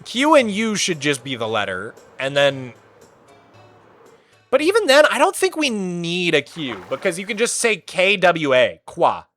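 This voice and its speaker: A high-voiced young man talks casually on a live stream, his pitch bouncing all over as he rants with mock outrage. His tone is bright and forceful, and faint music plays under his voice. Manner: animated, ranting, quick to exaggerate.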